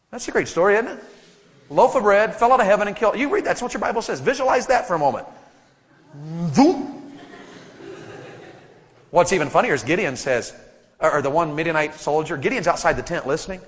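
A man from Tennessee preaching a sermon to teenagers, telling stories animatedly with sudden loud shouts. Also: a little high, expressive, fast, long pauses. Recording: long reverb of a big hall.

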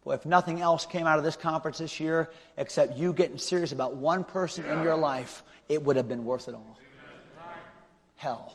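Shouting-then-hushed male pastor in a hall. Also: fairly high pitch, moderate pace. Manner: swings from loud shouting to hushed pleading. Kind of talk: revival sermon with altar call. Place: large church auditorium. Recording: long hall reverb.

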